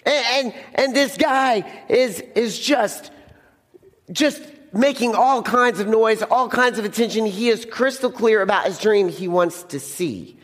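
A man's voice: high voice, measured pace, long reverb tail. A young man preaching a casual sermon to teenagers as a youth pastor, often repeating words and acting out the scene.

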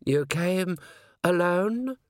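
A man voicing a sly, unruffled male vampire nobleman in mock-polite, drawn-out tones. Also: high voice, animated, no echo, studio quality, pitched above the performer's own voice, exaggerated voice. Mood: silky mock-polite. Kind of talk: audiobook character voice.

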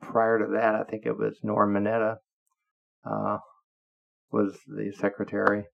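A man's voice: on the low side, monotone, measured pace, vocal fry. A man podcaster telling a blunt, profane workplace story in a candid monologue, laughing now and then. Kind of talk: anecdotal monologue. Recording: dull lo-fi audio.

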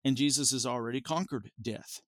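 A man's voice: mid-range voice, a little fast, dry recording. A man in his forties giving an informal Bible teaching as a podcast host, explaining carefully and stopping to restate and correct himself.

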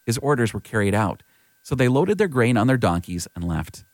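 A man reading scripture aloud in a measured, even way at a close studio mic. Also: mid-range voice, no room sound. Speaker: scripture reader.

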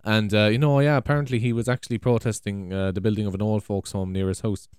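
Man, rambling vlog, cursing, exclaiming, lower-pitched voice, dry close sound. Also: steady tone, fast, darkish tone, clean tone, dry recording. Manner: swearing, exclaiming, trailing off. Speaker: vlogger. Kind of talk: rambling casual monologue. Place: big room at home. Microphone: USB desk microphone.

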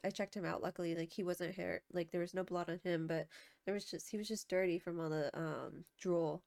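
Woman, podcast co-host, casual storytelling, filler-heavy, creaky. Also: on the low side, steady tone, a little fast, darkish tone. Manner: chatty storyteller, heavy "like" filler, acts out quotes. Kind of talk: casual chat.

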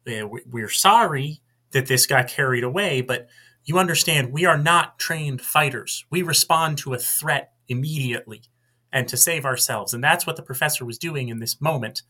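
A man's voice: medium pitch, normal speed, bright, forceful tone, voice pushed up. A man voicing a male adventurer and healer who speaks in an earnest, soothing way. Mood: pleading. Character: diplomatic male adventurer healer, calm and reassuring.

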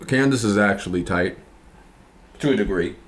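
Blunt low-voiced man, echoey room. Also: normal speed, a little hiss or hum. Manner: blunt, profane, questioning. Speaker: podcast co-host. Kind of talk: casual chat.

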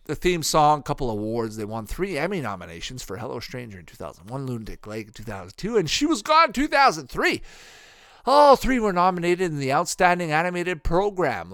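A man rambles through a cartoon review with a lively, swinging delivery, dropping swear words and mocking asides as he goes. His voice sounds close and dry, with no room around it. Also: medium pitch, no echo. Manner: profane and offhand, mocking asides. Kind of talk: casual rambling watch-along commentary.

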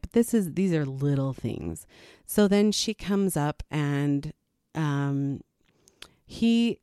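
A woman's voice: deep voice, darkish tone, clean tone, dry recording, studio quality. A woman, a parent, telling a casual story about her child, candid and laughing lightly now and then.

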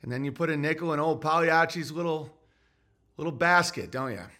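A man's voice: a little high, brisk, pushed and bright. A man hosting a solo livestream, reading super chats in a grumpy, sarcastic ranting way.

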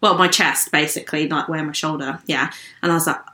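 A young English woman telling a story in casual chat, animated, laughing often and acting out what people said. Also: low-pitched, brisk, noisy background. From England. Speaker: podcast guest.

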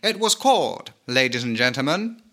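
A man's voice: mid-range voice, very animated, normal speed, pushed and bright. A British man hosting a podcast, speaking in a theatrical spiritual monologue with a Cockney and Glaswegian mix in his accent, drawing out phrases and dropping teasing asides. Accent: mixed Cockney and Glaswegian Scottish. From Britain. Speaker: podcast host.

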